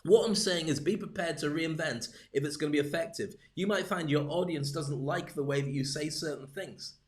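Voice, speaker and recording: Lively, joking man coaching on business. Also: on the high side, normal speed. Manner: lively, jokey, talks straight to camera. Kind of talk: live-streamed business talk.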